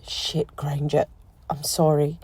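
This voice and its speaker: Woman voicing a quiet, resigned young man. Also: fairly even intonation, unhurried. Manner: quiet, low, resigned delivery. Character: guarded, resigned young man, bitter and hurt. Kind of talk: audiobook character voice.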